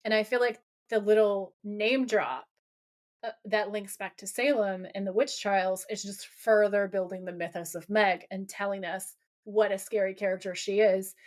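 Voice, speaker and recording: A woman co-hosting a podcast, recapping an episode in casual, animated chat, swearing and acting out quotes. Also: medium pitch, moderate pace. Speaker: podcast co-host.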